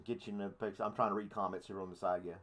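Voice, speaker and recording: A man's voice: lowish voice, fairly even intonation, racing, a bit bright. A man hosting a casual live-stream podcast, rambling through offhand thoughts with jokey, crude asides. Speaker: podcast host.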